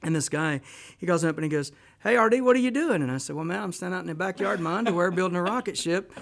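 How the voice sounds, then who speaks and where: A man from Texas, a guest musician telling a long rambling story in a casual, animated way on a radio show. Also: high voice, very fast, gravelly.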